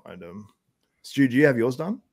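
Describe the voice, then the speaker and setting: A man's voice: medium pitch, lively intonation, normal speed, darkish tone. A young Australian man hosting a casual podcast chat, rambling with lots of fillers and laughs. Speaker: podcast host.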